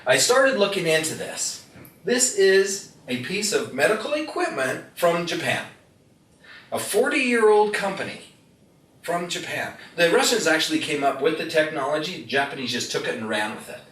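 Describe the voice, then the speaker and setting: At normal speed, a man with a voice on the high side, very animated and a bit bright, demonstrates a product live to an audience. Folksy and story-driven, he keeps quizzing the crowd. It's an indoor room, recorded with echo, a distant mic, and faint noise.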